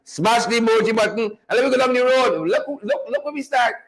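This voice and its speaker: A higher-pitched man hosts a mocking political commentary show, talking loudly and sarcastically. He keeps breaking into amused asides as he pokes fun at officials. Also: brisk, rough recording. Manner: loud, sarcastic, laughing asides. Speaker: host.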